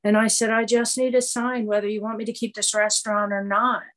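A woman's voice: mid-range voice, little pitch movement, fairly quick, a bit bright, poor audio. Middle-aged woman telling a rambling personal story. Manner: conversational, rambling, many fillers and restarts. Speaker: recovery meeting speaker.

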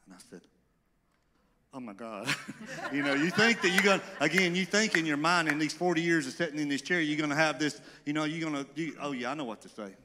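A man giving an emphatic church testimony, swinging from hushed tones to excited bursts. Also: a little high, fast, noisy background. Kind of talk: sermon testimony. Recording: long hall reverb.

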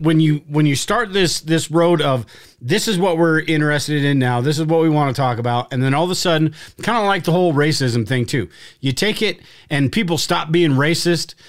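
A man co-hosting a live-streamed talk show, chatting casually and bluntly, with frequent restarts and some swearing. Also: fairly high pitch. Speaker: podcast co-host.

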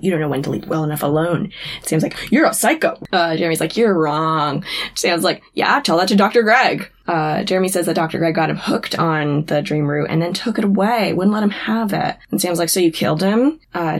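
In a relaxed chat, a woman goes back over scenes from a TV episode, peppering her story with "he's like" quotes from the characters. Her voice sits lowish and she speaks fairly quickly.

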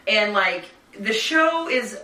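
A woman's voice: medium pitch, animated, takes it slowly, sharp tone, distant mic, slight background noise. A woman co-hosting a casual podcast chat, ranting with heavy swearing and bursts of laughter. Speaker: podcast co-host. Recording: roomy, from off-mic.

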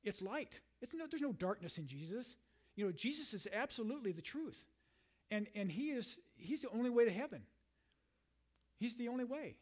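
A male pastor giving a conversational sermon, with frequent "you know"s and restarts, reading scripture aloud and then paraphrasing it in lively everyday words. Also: extremely high pitch, moderate pace.

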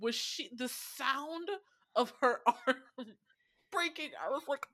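A woman chatting casually about an animated series, animated in her telling, swearing and laughing often. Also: sits high, slow. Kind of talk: casual chat reviewing an animated anthology.

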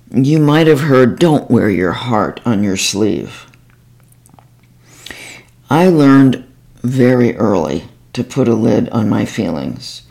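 A woman hosting her own podcast, speaking as a therapist in a calm, reflective monologue. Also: very deep voice.

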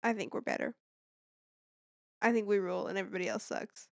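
A woman's voice: mid-range voice, steady tone, brisk, gravelly, dry recording, clean studio sound. Blunt, foul-mouthed woman podcaster. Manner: blunt, swears a lot, self-deprecating. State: tired, yawning. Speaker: podcast co-host. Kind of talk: casual late-night podcast chat. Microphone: podcast microphone.

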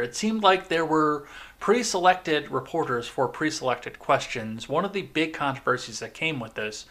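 Man, podcast host; bright, edgy tone; sarcastic, loose commentary. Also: medium pitch. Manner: sarcastic, rambling with fillers. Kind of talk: casual political commentary.

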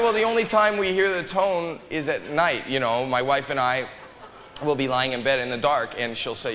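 A man's voice: mid-range voice, animated, moderate pace, long reverb tail, noisy background. A man doing stand-up comedy on a stage, telling a long story with stammered repeats and chuckles. An audience laughs behind him. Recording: live club with crowd.

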